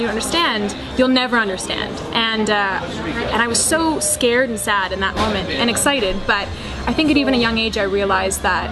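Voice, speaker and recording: A young adult woman, an actress and screenwriter, answering interview questions in an enthusiastic, chatty way, laughing often and restarting her sentences. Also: medium pitch.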